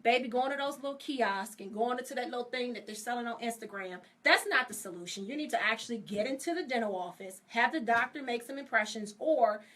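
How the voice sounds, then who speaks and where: A woman's voice: a little high, a little fast, few pauses, fairly bright tone. A woman dentist chatting casually as a guest, explaining things frankly and calling people "baby". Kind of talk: casual chat.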